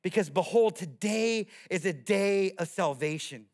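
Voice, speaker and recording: Pastor, male, high-pitched, lively sermon delivery with playful bits. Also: measured pace. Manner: animated storytelling with playful character voices.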